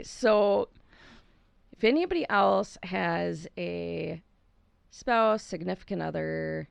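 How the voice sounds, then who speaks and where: A woman's voice: on the low side, creaky, clean tone, dry recording. A middle-aged woman co-hosting a podcast, telling a story in a rambling, self-mocking way with lots of laughter. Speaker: podcast co-host. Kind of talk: casual storytelling chat.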